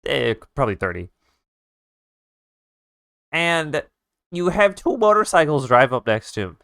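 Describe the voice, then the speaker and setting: Profane, animated male streamer. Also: on the high side, a little slow, vocal fry, clear, resonant tone, no room sound, clean studio sound. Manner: animated, profane retelling with sound effects. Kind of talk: casual storytelling while drawing on stream.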